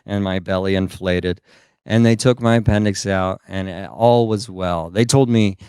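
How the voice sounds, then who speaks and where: Guy comic rambling thru a story, lowish smooth voice, dry close mic. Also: fairly even intonation, moderate pace, a little mellow, dry recording. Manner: rambling, self-deprecating, full of "uh" asides. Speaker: stand-up comedian. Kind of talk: stand-up storytelling.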